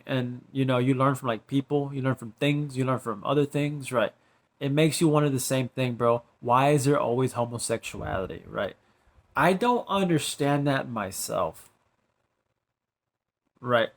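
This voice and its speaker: A man rambling in a monologue to the camera, constantly tagging his sentences with "bro" and "right", and trailing off into quiet drawled asides. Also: medium pitch.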